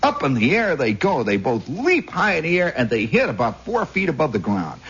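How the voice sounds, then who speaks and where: A man's voice: mid-range voice, a little fast. A man from Indiana telling a rambling story as a radio host, on a dull 1960s radio recording. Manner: rambling, animated, husky raconteur. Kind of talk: storytelling monologue.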